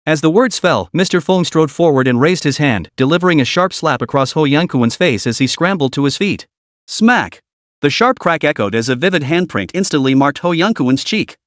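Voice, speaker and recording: A man's voice: on the high side, animated, normal speed, no echo, studio quality. Dramatic male story narrator.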